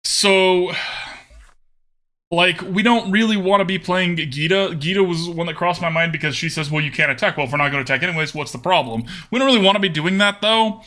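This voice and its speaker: A man's voice: high-pitched, a little fast, pushed and bright. A man streaming a card game, thinking aloud about his plays and chatting casually with viewers.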